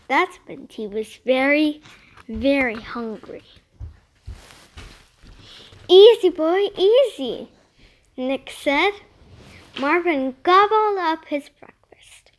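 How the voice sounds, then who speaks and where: A child reading a chapter of a storybook aloud, carefully and steadily, with a few small slips. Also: high-pitched. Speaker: reader.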